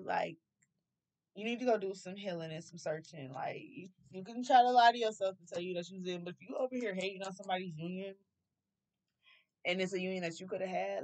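A woman's voice: medium pitch, poor audio. A young woman doing a casual tarot reading, loose and profane, laughing often. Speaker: tarot reader.

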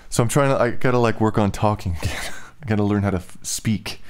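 A man's voice: fairly low pitch, a little fast, a little hiss or hum. A young man rambling casually in a vlog, with slightly slurred speech and lots of filler "like"s. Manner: loose, filler-heavy talk with "like". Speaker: musician and vlogger.

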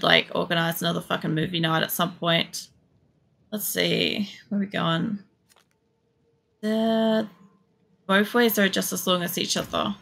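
Creaky-voiced woman streaming a game. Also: fairly low pitch, pushed and bright. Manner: chatty and profane, thinking aloud. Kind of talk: casual gameplay commentary.

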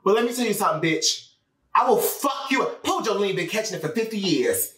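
A man giving loud, sassy, profane reaction commentary on music. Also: high-pitched, expressive, a little fast, recorded from a distance. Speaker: pop culture commentator. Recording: echoey room, off-mic, faint music.

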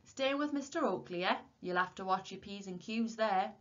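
A woman's voice: medium pitch, normal speed, a bit bright, close to an everyday voice. Woman doing a wry village postmaster. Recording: dull lo-fi recording.

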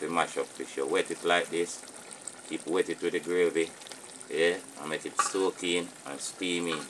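Very deep-voiced Jamaican man cooking outdoors. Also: noisy background. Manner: relaxed patois-flavoured talk to viewers. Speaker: cooking channel host. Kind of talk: casual cooking vlog. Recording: sizzling pots and clatter behind. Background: frying sizzle and pot clatter.

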